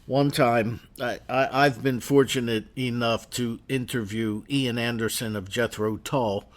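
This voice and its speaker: A man's voice: medium pitch, steady tone, measured pace. A man hosting a radio interview, asking rambling, conversational questions. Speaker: radio host.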